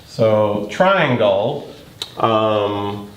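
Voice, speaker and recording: A man's voice: fairly low pitch, animated, very slow, muffled recording. A man teaching a geometry proof lesson, thinking aloud as he works and stressing key words. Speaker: math teacher. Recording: echoey room, faint noise.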